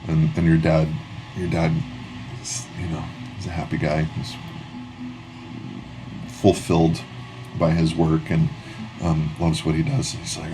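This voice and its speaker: A man with an extremely low voice narrates a tabletop game as game master. He talks in a loose, rambling way full of fillers and restarts. Music plays clearly under him. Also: flat delivery, measured pace, long pauses.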